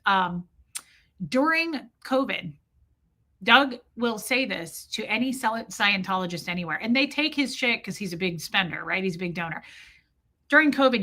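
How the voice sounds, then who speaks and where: Candid, swearing woman streamer, bright tone, chatting to her viewers. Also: medium pitch. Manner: candid, emotional, swears freely, frequent restarts. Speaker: livestream host. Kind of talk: casual live-stream talk, reading chat.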